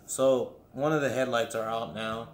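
A man's voice: medium pitch, steady tone, normal speed. A man hosting a casual solo podcast. He rambles and swears freely, filling his talk with "like" and "you know.". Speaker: podcast host. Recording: echoey room with faint background noise.

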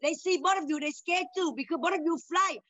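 A high-pitched older woman argues with her grown daughter in broken, halting English, repeating her words for emphasis. The sound is dull and lo-fi, tight and dry with no room to it. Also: pushed and bright, no echo. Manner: confrontational, repeats phrases, non-native broken English. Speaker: mother in a family talk show. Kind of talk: heated family conversation.

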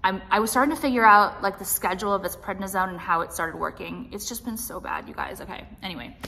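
A woman's voice: mid-range voice, very animated, fast talker, vocal fry, bright, forceful tone. Rambling young woman vlogger, reverberant. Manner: rambling, many likes and restarts. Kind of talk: casual confessional vlog. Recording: long reverb.

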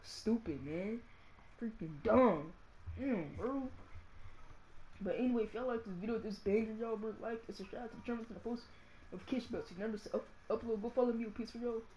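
A male gaming channel host giving casual gameplay commentary and ranting, saying "bro" and "y'all" constantly and swinging from mumbles to shouts. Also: sits high, fairly quick, slight background noise. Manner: slangy, fills nearly every phrase with "bro" and "y'all".

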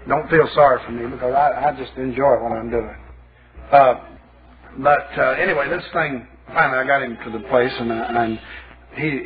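Folksy preacher man on tinny tape. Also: on the high side. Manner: folksy storytelling, emphatic and wry. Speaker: pastor. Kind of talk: sermon. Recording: tinny phone-like old tape.

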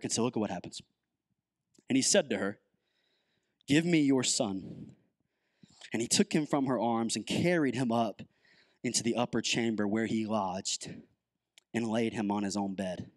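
A man's voice: on the high side, lively intonation, moderate pace, no echo. A man preaching as a guest pastor, talking casually with lots of fillers and building to emphatic peaks. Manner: conversational, many "like" fillers, rising to emphatic. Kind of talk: sermon.

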